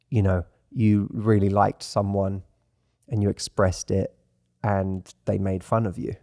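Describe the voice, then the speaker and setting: Low gravelly man giving dating advice. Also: mellow, no room sound, clean studio sound. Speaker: dating coach host. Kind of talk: conversational advice.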